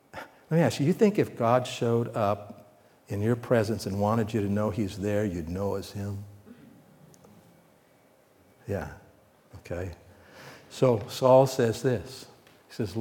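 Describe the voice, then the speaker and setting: Man preaching a sermon, conversational, asks the room questions, mellow tone, long hall reverb. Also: mid-range voice, moderate pace. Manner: conversational preaching, asks the congregation questions, swells louder for emphasis. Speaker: pastor.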